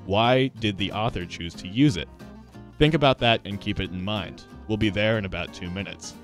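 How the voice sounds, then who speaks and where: A man teaching a literature lesson in a scripted narration, explaining clearly and speaking directly to students. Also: fairly low pitch, normal speed, faint music behind.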